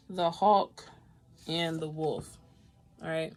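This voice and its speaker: A woman doing a live tarot reading, talking in a lively, casual way, swearing freely and laughing often. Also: medium pitch, moderate pace. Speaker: tarot reader.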